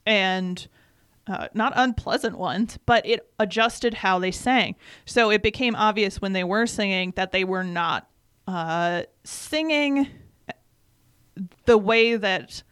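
A woman's voice: medium pitch, fairly bright tone, smooth, no room sound, clean studio sound. A woman from Michigan co-hosting a casual chat, explaining things at length. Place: North Carolina.

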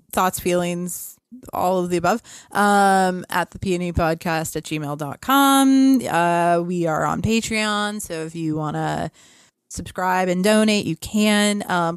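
A woman co-hosts a podcast with a slightly low voice. She talks in a relaxed, casual way. The recording is dry and close. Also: clear, resonant tone, no room sound. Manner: relaxed, agreeable, casual slang. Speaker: podcast co-host. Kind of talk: casual chat.

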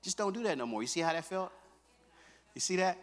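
A male pastor preaching a sermon. He moves between quiet, intimate asides and loud, fervent stretches, and he repeats his phrases with a casual "man" and "come on.". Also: sits high, animated, brisk, in a large hall. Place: church sanctuary.

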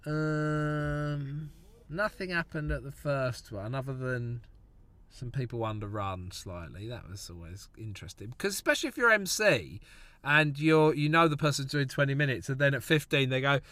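A man's voice: medium pitch, moderate pace, pushed and bright, no echo. A young man, a comedian, chatting casually on a podcast about gigs, with frequent ums. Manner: chatty, hesitant fillers, laughs at anecdotes. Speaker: stand-up comedian and podcast co-host.

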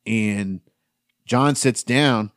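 A man's voice: on the low side, extremely slow, dry recording. Profane storytelling man, dry close mic. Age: 30s. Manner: profane, animated storyteller acting out quotes. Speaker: podcast host. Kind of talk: casual storytelling among friends.

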